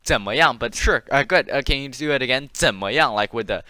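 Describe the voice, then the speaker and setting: A man teaching a relaxed online language class, drilling pronunciation and repeating words slowly for students. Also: medium pitch, smooth, no room sound. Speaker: Chinese teacher.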